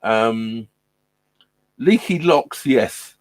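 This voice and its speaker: A man's voice: medium pitch, expressive, extremely slow, dry recording. A man hosting a casual live stream from his narrowboat, chatting with viewers in a rambling way, full of ums and restarts, laughing often. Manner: laughs often while talking.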